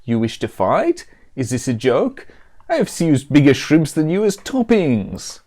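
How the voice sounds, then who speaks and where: A man's voice: on the high side, huge pitch swings, unhurried, warm tone, exaggerated voice. A man voicing a boastful male pizza elemental monster from a video game, in a hammy mock Italian-style accent.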